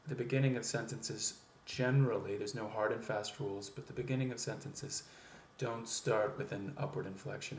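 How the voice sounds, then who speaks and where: A man teaching pronunciation as an accent coach, explaining step by step with many "um" pauses and spoken demonstrations. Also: lowish voice, a little hiss or hum. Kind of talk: instructional video lesson. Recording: echoey room, faint ambience.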